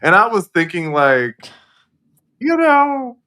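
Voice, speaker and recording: Bright, lively man with wry asides. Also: high voice. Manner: wry one-liners and quick asides. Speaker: podcast co-host. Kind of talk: casual chat.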